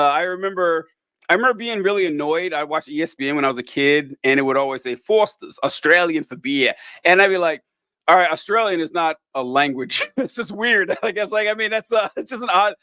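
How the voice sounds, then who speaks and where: A man's voice: sits high, expressive, fast talker, pushed and bright, dry recording. A man co-hosting a podcast in casual chat, rambling and laughing, with many restarts. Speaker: podcast co-host.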